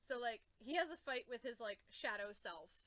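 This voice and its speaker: A woman's voice: on the high side, expressive, moderate pace, a bit bright, dry recording. A young woman reacting to comics in an emotional rant, exclaiming, swearing and repeating herself. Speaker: comic book reviewer.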